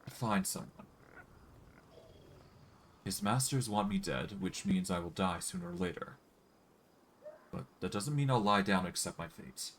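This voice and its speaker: A man's voice: low voice, normal speed, pauses often, fairly bright tone, slight background noise. A man reading aloud the lines of a defiant, wary elf woman in a fantasy game.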